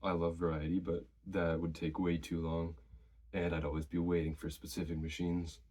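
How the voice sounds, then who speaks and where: A man with a very deep voice talks through his training routine in a relaxed, conversational way. He is still slightly out of breath and draws on his own experience. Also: normal speed, slightly rough. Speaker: fitness vlogger. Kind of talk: casual advice to camera.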